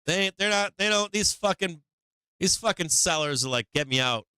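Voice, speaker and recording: A man's voice: sits high, lively intonation, normal speed, bright, forceful tone, clear, resonant tone, no echo. A man hosting a stock market livestream, chatting casually and profanely with his viewers in a rambling way.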